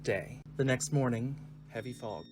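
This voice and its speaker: A man narrating the stage directions of a screenplay reading in a clear, measured way. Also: medium pitch, over music.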